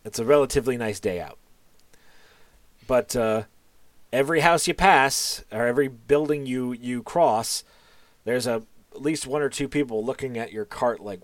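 A man's voice: mid-range voice, moderate pace, no echo. A man narrating as game master of a tabletop game, loose and casual, with plenty of fillers and the odd curse.

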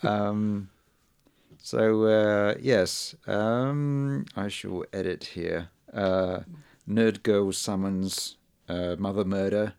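A man's voice: on the low side, steady tone, extremely slow, vocal fry, darkish tone, smooth. A man chatting casually about movies on a podcast, with a dry, understated manner. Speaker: podcast co-host.

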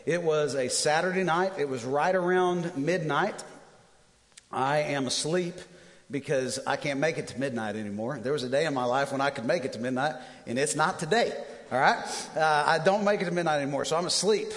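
A man in his thirties preaching a sermon, telling personal stories in an animated way with self-deprecating humor. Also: fairly high pitch, a little fast. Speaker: pastor. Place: church auditorium. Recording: long hall reverb.

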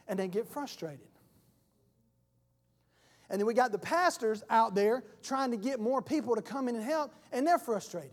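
A man's voice: very high voice, lively intonation, a little fast, long reverb tail. A man pastor preaching a sermon in a folksy way, acting out voices in his stories, in a church sanctuary.

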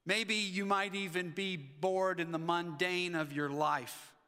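High-voiced preacher in a reverberant hall. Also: male voice, slow, clear, resonant tone. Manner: animated, acts out the Bible figures' lines. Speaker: pastor. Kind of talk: sermon. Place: church sanctuary.

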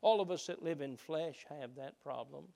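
A man preaching a sermon, shifting between loud emphatic peaks and hushed low passages. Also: normal speed, creaky. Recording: reverberant hall.

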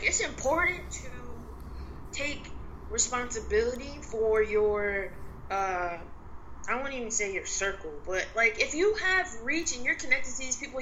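A woman co-hosting a casual podcast discussion, speaking in a measured, reflective way with frequent "like" and "um". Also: fairly high pitch, noisy background. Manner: measured and reflective, with many "like" and "um" fillers.

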